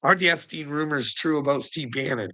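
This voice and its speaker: A man's voice: on the high side, a little fast, pushed and bright, low-quality recording. A man talking in a rambling, sardonic monologue, laughing often and swearing as he goes. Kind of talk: casual conspiracy commentary monologue.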